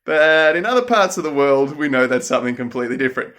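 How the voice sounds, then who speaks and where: A man's voice: mid-range voice, expressive, fast, fairly bright tone. A man with an Australian accent, a tour guide talking casually to camera in a playful, joking way.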